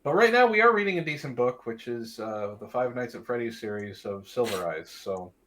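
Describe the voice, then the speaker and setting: A man appearing as a guest on a casual podcast, speaking in a relaxed, hesitant way. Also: medium pitch, brisk. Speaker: guest, story narrator. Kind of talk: casual chat.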